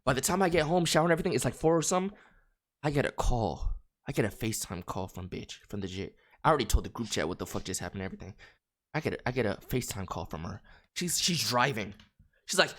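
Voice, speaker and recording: A man's voice: mid-range voice, sing-song, quick pace, noisy background. A young man, a streamer, telling a story in casual, slangy, profane talk with lots of filler words.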